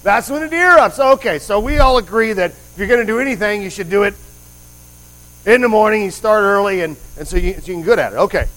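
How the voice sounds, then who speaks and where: A man's voice: high voice, fast, a bit bright, poor audio. A man preaching a conversational sermon, rambling with asides and quizzing the congregation with questions. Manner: rambling with frequent restarts and asides.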